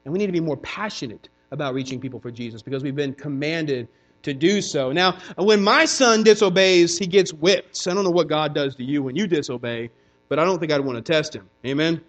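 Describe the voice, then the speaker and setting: A man's voice: a little high, a little fast. A male pastor preaching in a loose, conversational way, acting out short quoted voices of children and churchgoers. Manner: conversational preaching, acts out kids' and congregants' voices. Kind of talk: sermon.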